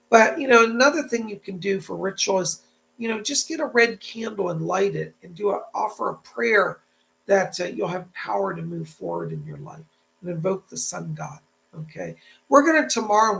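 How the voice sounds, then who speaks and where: A male psychic medium hosting a live stream, with a rough, gravelly voice that sits fairly high for a man. He swings up and down in pitch with lots of animation while he chats with viewers and passes on spirit messages. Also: a bit bright, rough recording. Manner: chatty, relays spirit messages in a reassuring way; thanks viewers and reads out donations.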